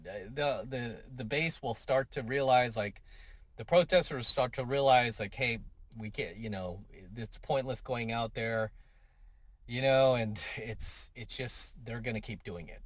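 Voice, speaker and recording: A commentary vlogger delivers an opinionated monologue to his viewers, conversational and full of tag questions and repetition. His voice is medium-pitched with no echo.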